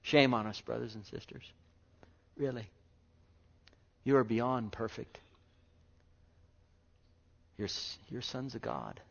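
A man preaching a sermon with fervor, dropping to hushed murmurs and rising to loud exclamations, full of rhetorical questions. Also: mid-range voice, takes it slowly, creaky, long pauses. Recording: dull lo-fi recording.

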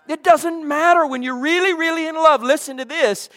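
A pastor preaching a sermon with fervor, repeating phrases and dropping from loud exclamations to hushed asides. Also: sits high, normal speed, few pauses.

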